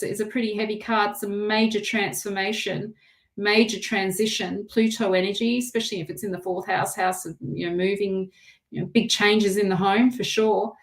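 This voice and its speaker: A woman with an Australian accent giving a live tarot reading, chatty and rambling, with lots of restarts. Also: mid-range voice. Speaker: tarot reader.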